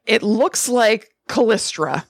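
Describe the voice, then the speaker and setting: Podcast co-host, woman, slightly high voice, dry close sound; lively storyteller. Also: slow pace, gravelly, breathy edge, dry recording. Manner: animated storyteller, acts out lines with laughs. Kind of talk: casual chat, recapping a movie plot.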